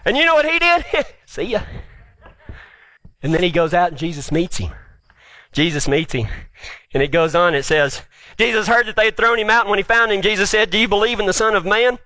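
A male preacher giving a sermon, retelling scripture with animated storytelling, then dropping to a quiet, earnest appeal. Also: high-pitched, a little fast, no room sound. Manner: animated storytelling, acts out the quoted speakers.

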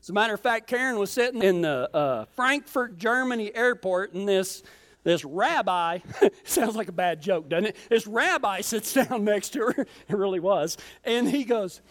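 A preacher from Colorado telling a humorous travel story in a folksy, joking way during a sermon. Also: male voice, high voice, expressive, normal speed, a bit bright. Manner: folksy, joking, self-teasing.

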